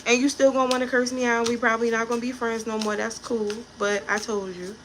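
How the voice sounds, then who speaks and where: On camera, a pregnant woman gives a casual tarot reading, blunt and full of swearing, with chatty asides about people she's met. Her voice sits on the high side, and she talks quickly in a flat way over some background noise.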